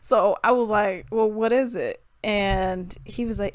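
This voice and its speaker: A woman's voice: mid-range voice, fairly even intonation, measured pace, dry recording. Chatty woman vlogger, close dry mic. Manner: chatty, laughs often, says "y'all". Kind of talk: casual storytime and reaction commentary.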